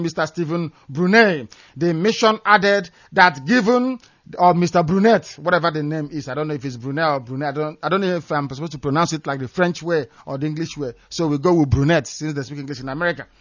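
A man's voice: fairly high pitch, fast talker, a bit bright, no room sound, muffled recording. A man from Nigeria, delivering scornful, emphatic political commentary as a radio broadcaster. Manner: fiery, scornful, emphatic, repeats phrases for stress.

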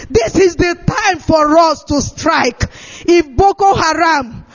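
High-voiced man shouting tearfully. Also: takes it slowly, vocal fry. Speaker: activist speaker. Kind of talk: impassioned political address. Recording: dull lo-fi recording.

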